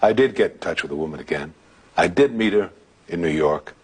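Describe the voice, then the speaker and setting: A man telling a ghost anecdote in a relaxed, halting way, with restarts and filler sounds. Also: low-pitched, breathy edge. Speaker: guest telling a story. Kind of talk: anecdotal storytelling.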